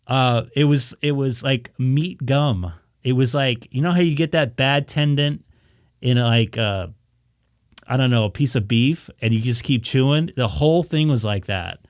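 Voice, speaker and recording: A man's voice: medium pitch, a little slow, no room sound, clean studio sound. A man on a ham radio live stream, casually telling a story and acting out his own reactions. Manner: animated, acts out his own reactions, many restarts.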